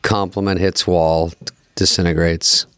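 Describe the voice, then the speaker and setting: A man's voice: low voice, a little slow, clean tone, no echo, faint music behind. A man hosting a casual talk, playful and laughing often as he tells stories. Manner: playful, laughs often, quotes others in a flat voice. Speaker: podcast host. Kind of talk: casual chat.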